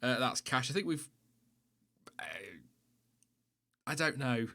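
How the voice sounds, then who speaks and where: British man, stream host, casual chat, self-mocking, laughs a lot, mid-pitched voice. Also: takes it slowly, bright, forceful tone. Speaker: livestream host.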